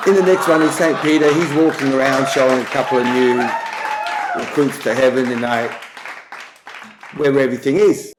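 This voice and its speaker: A man's voice: mid-range voice, steady tone, normal speed, crowd noise, background noise. A man hosting a show and telling jokes in a chatty way, lightly mimicking the characters. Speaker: joke-telling host. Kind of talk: casual joke telling. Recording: echoey room.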